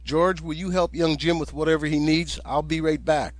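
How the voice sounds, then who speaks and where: A man voicing a brisk little schoolteacher woman who takes charge and hands out orders. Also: a little high, steady tone, dry recording, close to an everyday voice. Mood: commanding.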